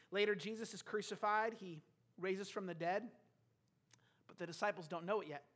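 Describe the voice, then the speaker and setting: A man's voice: sits high, a bit bright. A man preaching a sermon, retelling a scripture story and acting out the characters' lines.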